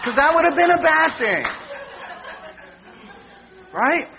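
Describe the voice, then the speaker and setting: A man preaching a humorous sermon, telling jokey stories with animated mock shouting. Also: very high-pitched, slow pace, creaky, lo-fi sound, background noise.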